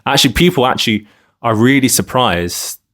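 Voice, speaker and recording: A man's voice: mid-range voice, lively intonation, brisk, a bit bright. A man from London talking casually to camera in a rambling vlog monologue, full of filler phrases. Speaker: vlogger.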